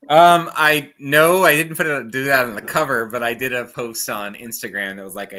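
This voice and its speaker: A man's voice: medium pitch, moderate pace, few pauses, bright, forceful tone. A man who wrote the book, playing his character in a casual tabletop game and talking it over in a chatty, meandering way. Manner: chatty, meandering, frequent fillers. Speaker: author and tabletop player.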